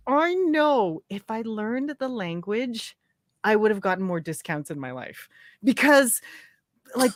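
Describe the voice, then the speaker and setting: A woman's voice: mid-range voice, no room sound, studio quality. A woman hosting a casual live-stream chat, laughing often between her words. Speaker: host.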